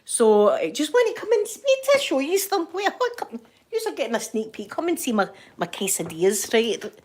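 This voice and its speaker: A woman's voice: high-pitched, very animated, brisk, darkish tone. An older woman with a Scottish accent, chatting casually to her viewers and laughing often as she rambles through stories. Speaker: vlogger reading live chat. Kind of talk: casual chat.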